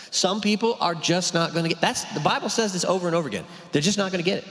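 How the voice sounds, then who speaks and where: A man talks loosely about a sermon, animated and full of rhetorical questions. His voice sits a little higher than most men's. A long reverb from the hall trails behind his words. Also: fast, few pauses. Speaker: pastor. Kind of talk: conversational sermon discussion. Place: church hall.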